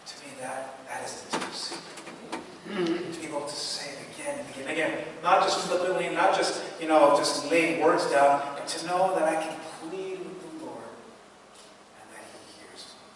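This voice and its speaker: A man preaching a sermon as pastor, animated, acting out pleading prayers and dropping from loud to hushed. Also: a little high, moderate pace, slight background noise. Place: church sanctuary. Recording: echoey church hall from far off.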